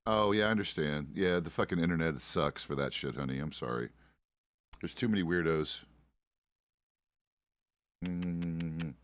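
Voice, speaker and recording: Middle-aged man, very low register, rambling profane role-play banter, dry sound. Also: a little slow, long pauses, dry recording. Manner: rambling and profane, with many restarts. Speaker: streamer playing a frontier deputy. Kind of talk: casual role-play chat.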